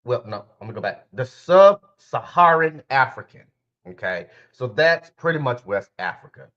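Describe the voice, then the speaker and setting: A man's voice: mid-range voice, very animated, normal speed, fairly bright tone, lo-fi sound. A man hosting his own podcast in a casual, rambling way, talking straight to his listeners and often correcting himself. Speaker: podcast host and spiritual life coach. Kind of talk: casual solo podcast talk.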